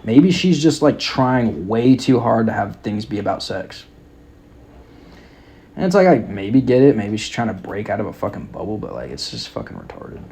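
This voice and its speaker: A man's voice: on the low side, sing-song, normal speed, gravelly, darkish tone, a little hiss or hum. A young man hosting a podcast, ranting casually in a mocking, exasperated way and swearing constantly. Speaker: podcast host. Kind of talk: casual rant.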